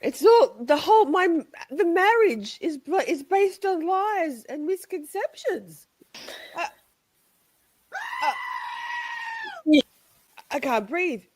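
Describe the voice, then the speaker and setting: A woman's voice: very high voice, lively intonation, slow pace, darkish tone, no echo. A woman hosting a live stream, chatting casually with viewers. She is playful, laughs often, swears freely and talks straight to her audience. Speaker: livestream host.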